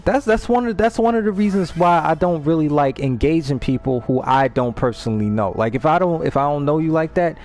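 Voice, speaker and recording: Animated, swearing man telling a story. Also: a little high, fairly quick, few pauses. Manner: animated, profane, repeats words as he restarts. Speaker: livestream host. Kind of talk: casual storytelling chat.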